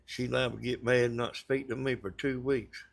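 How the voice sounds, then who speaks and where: A man's voice: medium pitch, steady tone, moderate pace, vocal fry. A man with a Southern US accent, rambling through a casual story to his viewers in a folksy, colloquial way. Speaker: vlogger.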